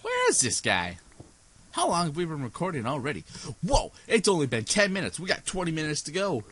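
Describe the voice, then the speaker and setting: A man's voice: fairly high pitch, huge pitch swings, brisk, fairly bright tone, breathy edge. A sleepy young man rambling through let's play commentary, goofy and scattered, with silly asides. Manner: goofy, rambling, sings snippets and silly voices. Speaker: gaming YouTuber.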